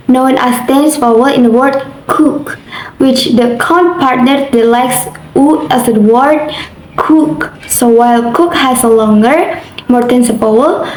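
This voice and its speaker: Young woman, student reading an assignment, fairly high voice, roomy echo. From Indonesia. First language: Indonesian. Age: young adult. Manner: careful reading with occasional slips. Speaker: university student. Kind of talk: reading a class assignment aloud. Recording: roomy echo, faint background noise.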